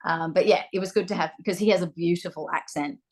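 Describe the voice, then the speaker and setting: A young woman with an Australian accent, chatting as an interview guest and often pausing with ums and restarts. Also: on the low side, steady tone, darkish tone. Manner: hesitant, restarts, frequent ums. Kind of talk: casual interview chat.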